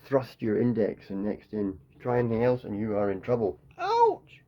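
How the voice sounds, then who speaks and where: A man's voice: lowish voice, steady tone, brisk, highs cut off, a little hiss or hum. A man in a rambling, free-associating comic monologue that jumps playfully between tangents. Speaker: comedian.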